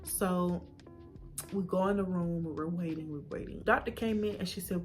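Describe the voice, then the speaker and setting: Brief: young woman vlogger, lowish voice, emotional storytelling, faint music under her. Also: normal speed. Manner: emotional retelling, acting out quoted dialogue, drops to whispers. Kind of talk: personal storytime vlog.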